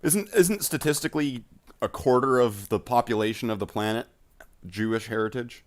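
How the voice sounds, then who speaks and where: A man hosting a casual painting stream. He talks in a halting way and repeats his words. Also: medium pitch. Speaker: host of a miniature painting stream.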